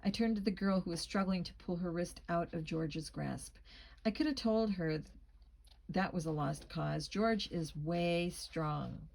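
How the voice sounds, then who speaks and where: A woman's voice: on the low side, a little slow, creaky, darkish tone, poor audio. A woman reading a teen mystery novel aloud as a first-person narrator, shading the dialogue with small voice changes. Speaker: audiobook reader. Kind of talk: amateur audiobook narration.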